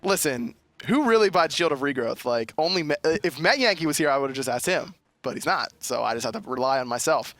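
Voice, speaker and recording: A man commentating live on an esports match, excitable and joking at his own expense. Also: a little high, a little fast, dry recording. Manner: excitable, joking, self-deprecating.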